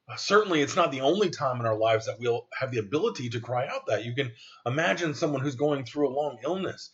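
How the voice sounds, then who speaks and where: A man's voice: medium pitch, expressive, fast talker, few pauses, dull audio. A man preaching a sermon as pastor, reading scripture aloud in an earnest way with some restarts.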